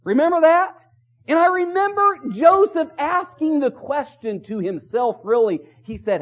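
A man with a very high, expressive voice preaches unhurriedly in a chapel, earnest and exhorting. Rhetorical questions and repetition press his points home, and the recording sounds dull and lo-fi.

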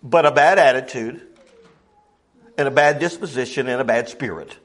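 A middle-aged man delivers a folksy sermon at a moderate pace, quoting scripture in archaic language. His voice rises to loud peaks and drops to quiet murmurs.

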